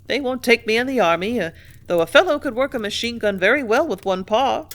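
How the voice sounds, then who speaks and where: A woman voicing a cheerful, earnest young clerk in an audiobook reading, a touch louder and higher than her narration. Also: lively intonation, fairly quick. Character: cheerful young man, left-handed clerk.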